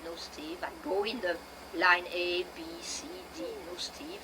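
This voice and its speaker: A middle-aged woman with a French accent, whose first language is French, telling a lively anecdote at the dinner table and acting out the voices in it. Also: lowish voice, a little slow, gravelly, crowd noise. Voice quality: animated, acts out the voices in her story. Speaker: storyteller at family dinner. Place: family dining room after dinner. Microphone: camcorder mic across the room. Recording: noisy 1990s home video.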